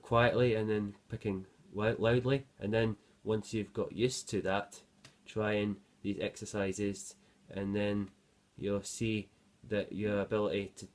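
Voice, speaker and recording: Low flat-voiced male guitar teacher. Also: measured pace, few pauses. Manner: counts beats aloud, relaxed explanations with fillers. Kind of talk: music lesson. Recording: guitar playing behind voice.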